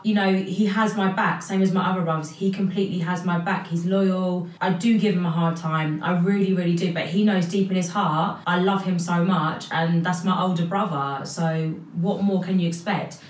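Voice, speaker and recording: A young woman talks straight to camera about her family, chatty and open, her voice on the lower side. She sits back from the mic in an echoey room. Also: recorded from a distance. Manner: chatty, emotional, says "like" a lot. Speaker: vlogger. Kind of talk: personal vlog talk to camera.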